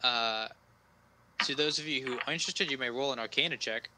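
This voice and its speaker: A man narrating as game master in a tabletop game, relaxed and halting, with many fillers. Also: medium pitch, very noisy.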